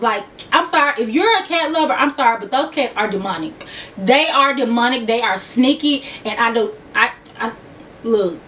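A woman's voice: high-pitched, fairly bright tone, recorded from a distance, a little hiss or hum. A woman in her twenties with a Memphis Southern accent, chatting casually and laughing often in a vlog. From Memphis, Tennessee. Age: 20s. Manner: chatty, laughing, addresses viewers as y'all. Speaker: YouTuber.

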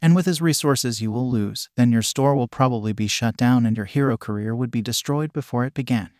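A man reading the lines of a weary, resigned mother in his own flat narrating voice. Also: mid-range voice, brisk, dry recording, clean studio sound, lightly acted. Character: weary grown woman, sad and resigned mother.

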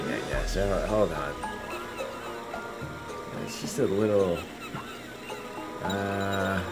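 A young man giving casual, profane gameplay commentary, laughing often and musing aloud as he plays. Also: on the low side. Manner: swears freely, laughs often, muses aloud. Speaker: let's play streamer.

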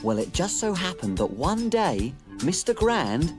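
A woman's voice: lowish voice, big pitch swings, a little slow, over music. A woman playing a tiny cheerful female cook, telling a story in a sing-song, bouncy children's TV style. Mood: cheery storytelling.

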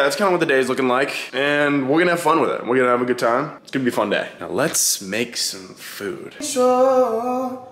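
Lively bright-voiced young man vlogging. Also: medium pitch, echoey room. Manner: excitable, profane, chatty, scolding his dog. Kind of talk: casual vlog chat. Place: indoors, home kitchen.

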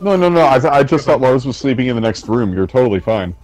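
A man's voice: medium pitch, expressive, fast, a little mellow, poor audio. A man hosting a gameplay stream, chatting casually and explaining things at length. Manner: rambling, explains with lots of fillers. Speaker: host. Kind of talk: casual chat while gaming.

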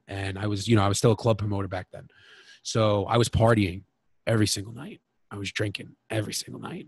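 A man's voice: fairly low pitch, no echo. Frank man telling his story, dry close sound. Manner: frank and emotional, swears freely. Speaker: podcast guest. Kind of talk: candid personal storytelling.

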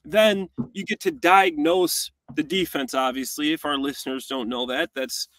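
A man co-hosting a football tape breakdown, talking casually and acting out plays in quick quoted voices. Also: fairly high pitch, fairly even intonation, fairly bright tone. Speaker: co-host, former tight end.

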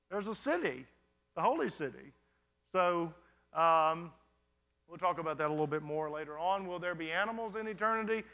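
A man's voice: high-pitched, sharp tone. A male pastor answering congregation questions in a sermon, talking conversationally and often checking in with "you understand?".

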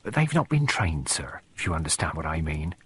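A man's voice: very deep voice, sing-song, fairly quick, breathy edge, full character voice. A man doing a chatty homely old cook woman. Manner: rambling, confiding, fond of old ways.

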